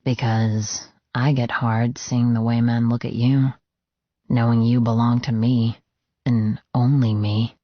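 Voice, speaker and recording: A man voicing a brooding, possessive biker president in a suit, speaking low, intimate and teasing. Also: flat delivery, slow, no echo, close to an everyday voice. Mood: seductive. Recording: dull, lo-fi dry studio read.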